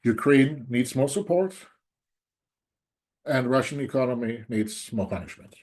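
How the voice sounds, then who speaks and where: Man, solo commentary, angry, sarcastic, emphatic, warm low-toned voice. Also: measured pace. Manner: repeats "there's no doubt" for emphasis. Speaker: political commentator. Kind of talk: solo opinion monologue.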